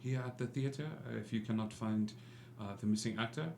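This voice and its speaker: A man voicing a suave, scheming French theatre agent in a put-on French accent, courtly and soft-spoken. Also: on the low side, brisk, vocal fry, echoey room, slight background noise. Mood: smooth, courteous.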